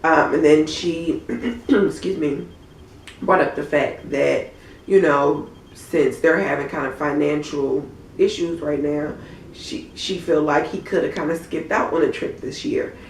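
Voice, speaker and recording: A woman with a hoarse voice from a cold, giving a blunt, chatty recap of a TV episode. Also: deep voice, fairly even intonation, unhurried, slight background noise. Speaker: TV episode reviewer. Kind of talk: casual recap commentary. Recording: roomy, from a distant mic.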